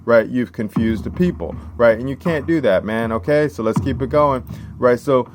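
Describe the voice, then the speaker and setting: A man's voice: medium pitch, normal speed, music in the background. A man giving a casual, emphatic lesson, reading out constitution passages and checking in with "right?" after each point. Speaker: civics teacher. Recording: steady background noise.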